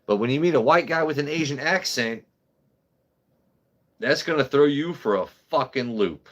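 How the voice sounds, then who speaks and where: A man's voice: medium pitch, normal speed, muffled recording. Rambling, foul-mouthed man telling stories. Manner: rambling, profane, animated. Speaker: host. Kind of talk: casual livestream storytelling.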